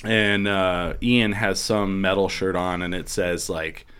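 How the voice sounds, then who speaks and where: A man's voice: low voice, little pitch movement, takes it slowly, fairly bright tone, clear, resonant tone. A man casually telling stories in a podcast chat, acting out quoted voices and swearing freely. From New Mexico, USA.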